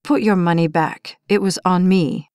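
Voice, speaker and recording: A woman reading an audiobook, voicing a pushy young man who talks slow and low to coax his date. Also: fairly even intonation, a little mellow, smooth, no echo, studio quality, lightly acted. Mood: dismissive. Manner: slow, low and coaxing, then dismissive.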